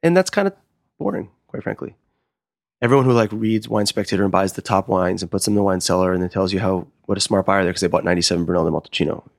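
A man's voice: low-pitched, racing, vocal fry, no room sound, clean studio sound. A man who works as a sommelier and wine consultant, telling stories in a casual interview and acting out the quoted dialogue. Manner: animated, acts out quoted dialogue.

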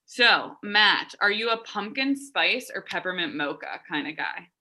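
A woman's voice: mid-range voice, expressive, unhurried, sharp tone. A woman co-host quizzing guests in an upbeat, chatty way, using many fillers. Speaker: podcast co-host. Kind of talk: casual chat, quizzing guests.

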